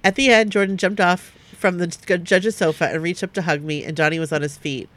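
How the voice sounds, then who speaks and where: A woman co-hosting a podcast, reading listener stories aloud at a steady pace and breaking off now and then to chat with her co-host. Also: on the low side, a little fast, dry recording.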